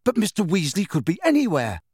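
An agitated teenage boy wizard, as a man puts him on, sounding impatient and upset in a raised, lively voice. The sound is dry and close. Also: high-pitched, fairly quick, slightly rough, no echo, pitched above the performer's own voice, full character voice.

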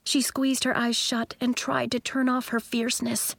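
Her voice is fairly high and gravelly as she narrates a children's audiobook at a moderate pace. She performs the story with expression, giving each character a unique voice, and the sound has no echo.

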